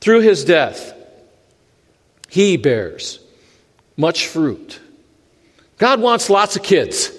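A man preaching a sermon in a church, animated and dropping in dry humor. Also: sits high, drawn-out words, long pauses, in a large hall. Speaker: pastor.

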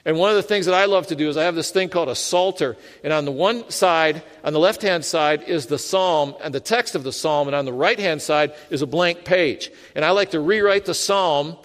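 A man's voice: a little high, a little fast, few pauses. A man preaching a sermon as a pastor, conversational and self-deprecating, often laughing at himself. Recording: long hall reverb.

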